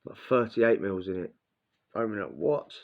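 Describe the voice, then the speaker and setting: A man's voice: on the low side, a little fast. A man telling a blunt, crude prison story in casual slang, acting out what people said. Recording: dull lo-fi sound.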